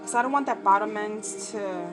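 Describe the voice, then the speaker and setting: A woman's voice: mid-range voice, moderate pace. A woman in her forties from New Jersey, chatting casually and self-mockingly while she sews, rambling off on side stories. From New Jersey, USA. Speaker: crafting vlogger. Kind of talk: casual chat while sewing. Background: background music.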